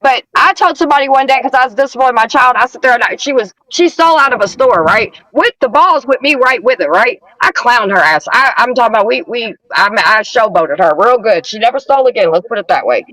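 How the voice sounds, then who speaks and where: A woman's voice: on the high side, lively intonation, quick pace, few pauses, pushed and bright, no echo, poor audio. A middle-aged woman on a call-in panel, talking in a heated, profane, emphatic way. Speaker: panel guest. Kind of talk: heated casual chat. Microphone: phone or video call.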